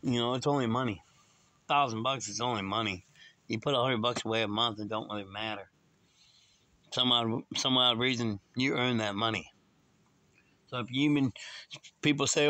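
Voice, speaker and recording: A man talking casually to his viewers, drifting from one thought to the next. His voice sits at an ordinary middle pitch, and he speaks in a loose, rambling way. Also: moderate pace, long pauses, pushed and bright, dry recording. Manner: rambling, talks straight to viewers. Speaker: vlogger.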